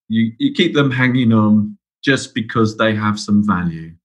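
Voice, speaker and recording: Hesitant, husky-voiced male podcast host. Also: lowish voice, a little slow. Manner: hesitant, repeats words, joking. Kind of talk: casual interview chat.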